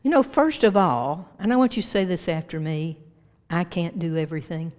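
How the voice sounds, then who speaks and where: A woman's voice: on the low side, moderate pace, darkish tone, a little hiss or hum. A woman pastor preaching a folksy sermon to her congregation, laughing often and leading them in call-and-response. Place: church sanctuary. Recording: long hall reverb.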